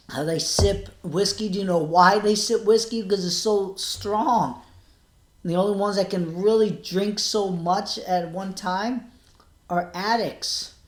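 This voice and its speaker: A man talking quietly to the camera in a personal video diary, halting and subdued, with many pauses and restarts. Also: high-pitched. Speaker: vlogger. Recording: echoey room.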